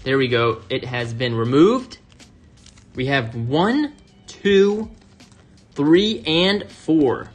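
This card-opening channel host talks extremely slowly, with long pauses, in a medium-pitched, expressive voice. He chats casually with viewers during the unboxing, calling them "you guys" and gushing over each card. Soft background music plays.

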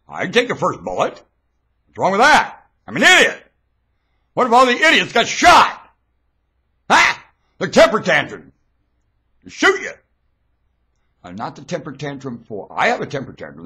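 A man giving a rambling webcam monologue, swinging between low mutters and sudden shouts, recorded on a webcam mic at home. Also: breathy edge.

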